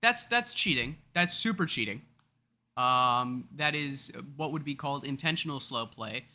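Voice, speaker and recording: Bright-voiced man rambling casually. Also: medium pitch, expressive, measured pace. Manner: chatty, self-deprecating, acts out scenarios. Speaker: card game video creator.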